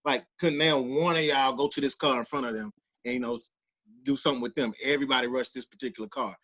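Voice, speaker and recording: A man tells a story on a casual podcast. He gets animated and loudly acts out the people he quotes. His voice sits in an ordinary middle pitch. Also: fast, low-quality recording. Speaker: podcast co-host.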